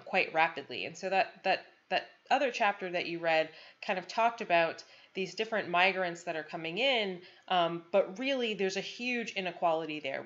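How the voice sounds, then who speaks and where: A woman giving a college lecture, pausing often with frequent ums and restarts. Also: sits low, fairly bright tone. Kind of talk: recorded lecture. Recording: dull lo-fi lecture recording.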